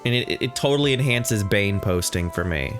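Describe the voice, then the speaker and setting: Chatty streamer guy, pitch jumping all over, faint music under. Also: lively intonation, brisk. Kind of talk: casual let's-play commentary.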